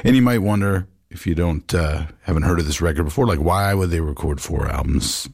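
A man's voice: deep voice, brisk, vocal fry, a little mellow, breathy edge, no room sound, studio quality. A man hosting a jazz radio show, musing in a loose, rambling way with plenty of fillers as he talks about records.

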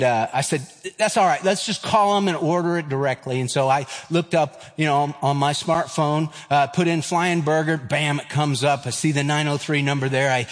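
A man, preaching a sermon and telling stories, acting out the voices of the people in them. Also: medium pitch. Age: 50s. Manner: animated, acts out quoted voices. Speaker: pastor. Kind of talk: sermon with storytelling. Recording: long reverb of a large hall.

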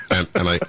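A man's voice: sharp tone, slight background noise. An American man hosting a radio talk show, jovial and chatty, laughing often.

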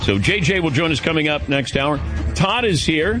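Rambling sports radio host, lively voice. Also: male voice, a little high, normal speed, over music. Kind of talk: casual call-in chat.

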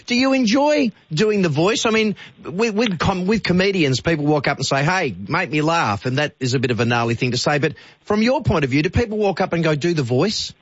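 A man's voice: on the high side, expressive, a little fast, slightly rough, no room sound, lo-fi sound. A man hosting a radio interview, chummy and enthusiastic. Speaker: radio host. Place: radio studio.

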